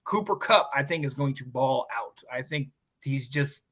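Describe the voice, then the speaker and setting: A man's voice: medium pitch, expressive, moderate pace, sharp tone. A man co-hosting a casual football chat, joking and bantering playfully. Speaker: co-host.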